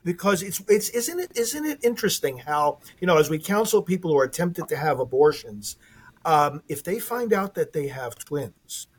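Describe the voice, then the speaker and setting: A man hosting a conversational interview show, speaking haltingly and often restarting his phrases. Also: on the high side, big pitch swings, breathy edge. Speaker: radio show host.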